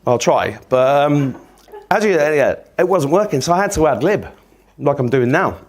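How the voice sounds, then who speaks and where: An English man in his fifties tells rambling, profane stories. His pitch leaps around, and it sits a little higher than most men's. He jokes his way through the talk and laughs along as he goes. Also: expressive, moderate pace. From England. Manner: sweary, rambling, jokey, laughing. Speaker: speaker. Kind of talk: casual storytelling talk.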